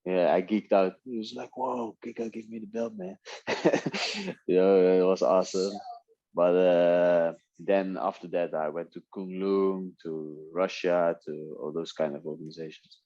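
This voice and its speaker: Very low-voiced guy, dutch first language, chill storytelling, dull dry podcast sound. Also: a little slow, dry recording. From Netherlands. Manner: relaxed storytelling with frequent laughs and restarts. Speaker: guest, MMA fighter. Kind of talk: casual interview talk.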